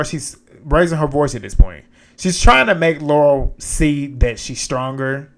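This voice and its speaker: A man's voice: a little high, animated, a little slow. A man giving casual, frank commentary as host of a reality TV recap, blunt and sometimes profane.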